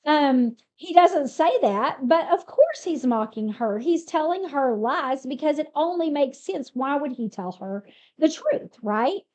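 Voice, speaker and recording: Woman, high voice, chatty Bible storyteller who asks her listeners rhetorical questions. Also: very animated, a little slow, darkish tone. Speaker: Bible teacher. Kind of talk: casual Bible retelling.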